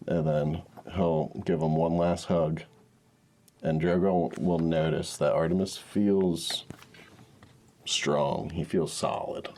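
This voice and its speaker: Deep-voiced male game master narrating. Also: slow. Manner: relaxed, playful storytelling.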